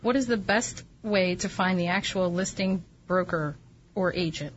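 A woman co-hosts a radio talk show and reads out figures in a brisk, matter-of-fact way. The audio is dull and lo-fi, with a faint hiss behind her. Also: on the low side. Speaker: radio co-host and real estate instructor. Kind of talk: casual radio talk and reading ads.

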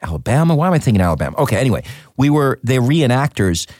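A man's voice: medium pitch, fast, no room sound, clean studio sound. A man, an actor, chatting casually in an interview and telling stories with lots of fillers. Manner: animated, storytelling with many fillers. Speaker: actor guest.

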